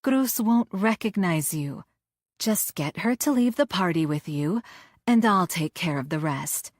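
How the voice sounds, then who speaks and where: Woman narrator doing a cold seductive villainess, coaxing and detached, pitched up above her low voice, dry close sound. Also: animated, a little slow, dry recording.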